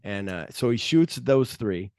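A man's voice: lowish voice, animated, a little slow, a little mellow, clean tone, no room sound, studio quality. A man co-hosting a podcast, retelling film scenes in a loose, rambling way with plenty of swearing. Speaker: podcast co-host. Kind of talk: casual movie-discussion chat.

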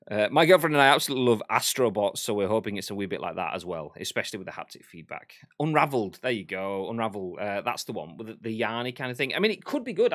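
A man's voice: mid-range voice, fairly bright tone, dry recording, clean studio sound. A young man co-hosting a casual gaming podcast, joking, laughing often and swearing casually. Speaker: podcast co-host. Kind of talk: casual chat.

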